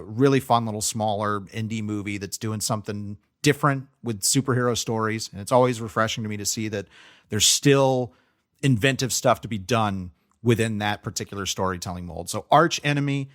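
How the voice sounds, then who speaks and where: A man's voice: on the low side, fairly bright tone. A young adult man co-hosting a podcast, chatting casually about movies with lots of fillers and restarts. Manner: rambling, frequent fillers and restarts. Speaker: podcast co-host. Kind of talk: casual movie review chat.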